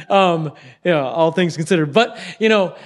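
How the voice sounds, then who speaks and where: Young male preacher, slightly high voice, casual and earnest, sermon delivery that sinks into soft hushed stretches. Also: a little slow. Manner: earnest, conversational preaching that drops to near-whispers.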